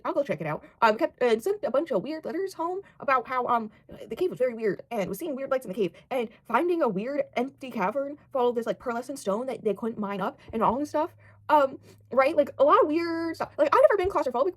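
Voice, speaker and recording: A young American woman chatting casually about books, rambling with lots of fillers and casual swearing. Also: high-pitched. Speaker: book vlogger. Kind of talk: casual book chat.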